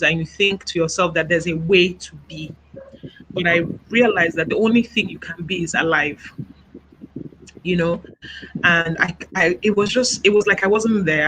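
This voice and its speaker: Bright-voiced woman recounting her story haltingly. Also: on the low side, a little hiss or hum, poor audio. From Nigeria. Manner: soft-spoken, halting, reflective, many "you know" fillers. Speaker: interview guest. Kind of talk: personal testimony over a video call. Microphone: video call.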